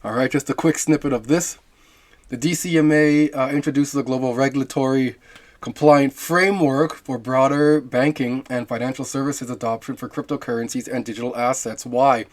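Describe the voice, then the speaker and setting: A man's voice: medium pitch, steady tone, moderate pace. A man hosting a crypto channel, musing aloud over on-screen material with rhetorical questions and frequent fillers. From half Jamaican. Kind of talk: casual screen-share commentary.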